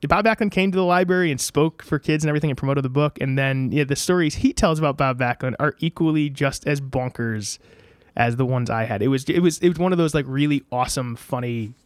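Man guest on a podcast, lively storyteller who mimics others, dry close sound. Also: mid-range voice, fast talker, no echo. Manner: animated, acts out quoted voices. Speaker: guest telling wrestling stories.

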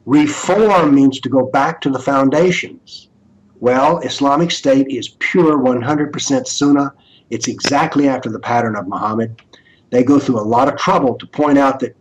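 A man's voice: mid-range voice, moderate pace, lo-fi sound. An older man speaking as an interview guest, lecturing emphatically and asking rhetorical questions. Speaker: interview guest, author on political Islam.

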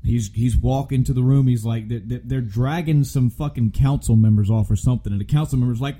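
A man co-hosting a podcast, retelling a game story in a casual, animated way with plenty of swearing and restarts. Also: medium pitch, brisk, rough recording. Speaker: podcast co-host.

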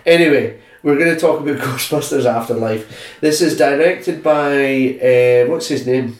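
A man's voice: medium pitch, measured pace. Man, podcast host, casual chat, rambling, laughing, swearing, echoey room, distant mic.

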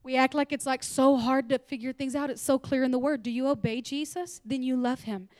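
High-voiced woman preaching with lively emphasis. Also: fairly quick, no room sound, studio quality. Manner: animated, laughing, dropping to whispers. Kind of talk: sermon. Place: church.

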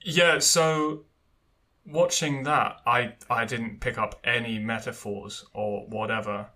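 Bright-voiced chatty man. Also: mid-range voice, fairly even intonation, takes it slowly. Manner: chatty, hesitant with many fillers. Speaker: podcast co-host. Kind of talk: casual chat.

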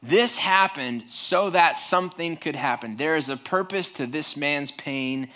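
Chatty pastor with a bright voice. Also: male voice, a little high, a little slow. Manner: conversational, many restarts, acts out quoted voices. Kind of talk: sermon.

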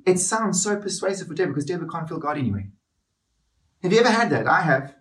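An earnest male preacher delivers a sermon with rising passion, driving his points home by repeating them. His voice sits a little high for a man. He stands some way back from the microphone. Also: a bit bright, far from the mic. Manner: earnest, impassioned, repeats phrases for emphasis.

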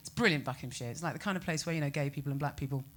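A British woman performing a stand-up comedy set, ranting with incredulous, animated exclamations. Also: low-pitched, rapid-fire, a little hiss or hum. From Britain.

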